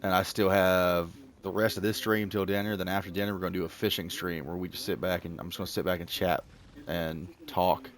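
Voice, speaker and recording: A man in his thirties with a Southern American accent, from the Southern United States, gives casual commentary while streaming a game. His low voice is level and fairly quick as he rambles, mocks himself and talks to the animals on screen.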